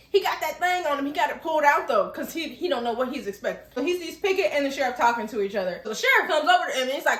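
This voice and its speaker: Lively, high-voiced woman recapping TV. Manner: chatty, laughs often, asks rhetorical questions. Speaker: TV recap host. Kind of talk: casual, animated review. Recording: echoey room.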